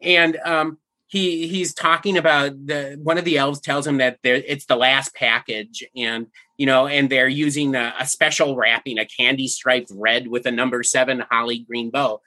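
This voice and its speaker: A man's voice: medium pitch, fairly even intonation, moderate pace, pushed and bright. A man talking as a podcast guest in casual chat, chatty and laughing, with stumbling restarts.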